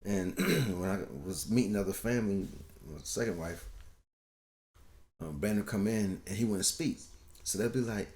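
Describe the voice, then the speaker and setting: Middle-aged guy rambling thru family stories, lowish voice, roomy echo. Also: normal speed, a little mellow. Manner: rambling storyteller, acts out quoted voices. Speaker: podcast co-host, father. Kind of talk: casual storytelling chat.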